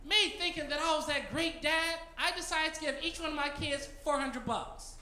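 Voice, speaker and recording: A man's voice: extremely high pitch, normal speed, background noise. A man doing a stand-up comedy set on a club stage, brash and teasing the audience, on a handheld mic. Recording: roomy club with loud crowd.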